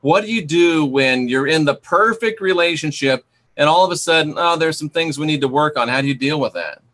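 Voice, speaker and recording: A man's voice: fairly high pitch, a little fast, fairly bright tone. A man hosting an interview, affirming his guest and asking probing questions. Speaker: host. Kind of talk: conversational interview.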